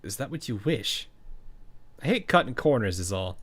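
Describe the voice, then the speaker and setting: A man voicing a cool, calculating teenage girl strategist, speaking in a measured, formal and quiet way. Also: medium pitch, sing-song.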